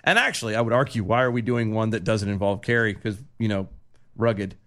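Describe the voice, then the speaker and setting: A man's voice: lowish voice, brisk, fairly bright tone. A man co-hosting a podcast, chatting casually with wry, dry teasing. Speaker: podcast co-host. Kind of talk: casual chat.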